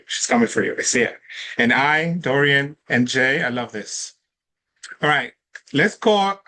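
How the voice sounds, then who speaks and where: Man, somewhat high voice, upbeat quiz host, chatty and laughing often, light music underneath. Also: sharp tone. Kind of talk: hosting an online trivia quiz. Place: online event with participants in chat.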